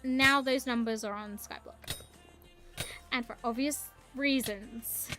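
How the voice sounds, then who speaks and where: A woman's voice: a little high, slow pace, over music. A young woman streaming a game, chatting in a rambling, casual way and greeting her viewers. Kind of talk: casual live-stream chat while gaming.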